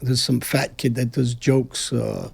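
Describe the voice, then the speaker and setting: In a casual interview, a guest from Brooklyn who was once a mafia figure talks a little slowly with fairly even intonation. His mid-range voice has vocal fry and a breathy edge, and he is blunt, combative and often profane.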